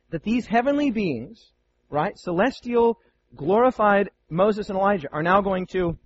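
A man preaching a sermon to Bible students, animated and playful, with many rhetorical questions. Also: high voice, muffled recording, slight background noise.

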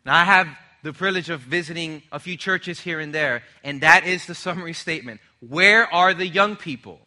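A man's voice: a little high, normal speed, pushed and bright. A young man preaching a sermon, emphatic and drawing the congregation in with call-and-response questions. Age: young adult.

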